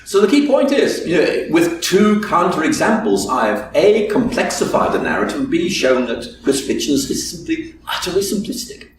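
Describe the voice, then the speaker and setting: A man's voice: on the high side, very animated, moderate pace, hardly any pauses. A man giving an academic lecture, emphatic and laying out his points one by one. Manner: emphatic, lays out numbered points. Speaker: guest lecturer. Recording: echoey hall from far off with noise.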